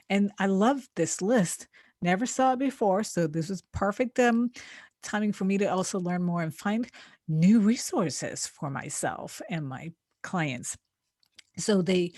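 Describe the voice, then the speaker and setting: A woman with a fairly low voice talks casually as a relationship coach, chatty and quick to laugh, full of fillers and restarts. The sound is close and dry, with no room around it. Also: a little mellow, no echo. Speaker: relationship coach and podcast host. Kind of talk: casual explanatory talk.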